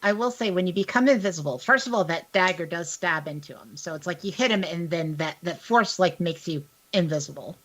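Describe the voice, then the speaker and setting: A woman's voice: lowish voice, fairly quick, hardly any pauses, a bit bright. A woman narrating a tabletop role-playing game as game master, in an easygoing, casual way.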